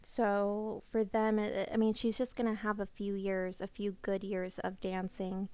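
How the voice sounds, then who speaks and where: A woman co-hosting a casual discussion podcast, retelling scenes in a chatty, animated way. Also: medium pitch, clear, resonant tone. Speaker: podcast co-host.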